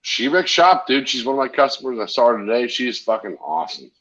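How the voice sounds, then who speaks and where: A man's voice: medium pitch, big pitch swings, fast talker, a bit bright. Brash man, dull lo-fi sound. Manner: brash, profane ranting. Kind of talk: casual chat.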